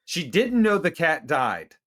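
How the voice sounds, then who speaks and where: Male co-host for a crude comedy review, high lively voice, slow drawl. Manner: crude, animated, mocking spooky voices. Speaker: podcast co-host. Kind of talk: casual comedic movie review.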